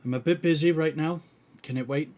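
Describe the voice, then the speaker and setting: A man voicing a busy, brisk half-elven woman healer in a tabletop game. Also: fairly high pitch, darkish tone, voice pushed up, close to an everyday voice. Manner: brisk, scolding.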